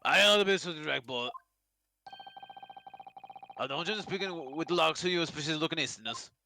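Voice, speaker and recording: A man doing a gravelly, hostile prison governor. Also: on the high side, a little fast, pushed and bright, slight background noise. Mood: gruff, hostile. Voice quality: rough, gravelly. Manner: barking, contemptuous. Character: gruff hostile male prison governor, middle-aged. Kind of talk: voicing game characters on a stream.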